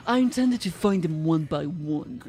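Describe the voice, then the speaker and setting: Woman doing a menacing vengeful man, low dark voice, slow theatrical delivery, faint game music. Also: animated.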